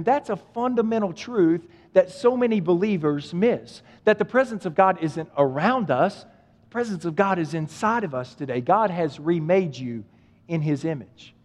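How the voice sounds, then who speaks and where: A man's voice: high voice, animated, moderate pace. A male pastor preaching a sermon, speaking with emphatic repetition and addressing the listeners directly. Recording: long hall reverb.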